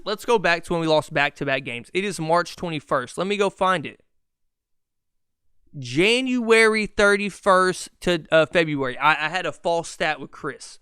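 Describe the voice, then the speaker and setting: A man hosting a sports podcast in an excited, cursing rant. His voice sits a little high and sounds smooth and clear. The recording is close and dry. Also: dry recording. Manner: excitable, fast, profane ranting. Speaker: podcast host.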